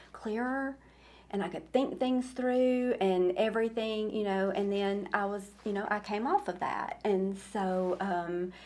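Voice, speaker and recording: A woman's voice: medium pitch, a little mellow. A woman, a school principal, talks with a podcast host in a casual interview, often stumbling and repeating her words as she begins. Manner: halting, repeats words when starting sentences.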